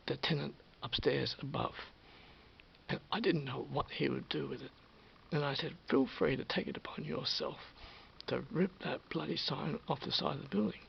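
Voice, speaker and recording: A man with an Australian accent telling a story to camera in a casual vlog, animated, swearing freely and dropping into whispers. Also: a little high. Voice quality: gravelly. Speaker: vlogger. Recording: dull lo-fi with faint hiss.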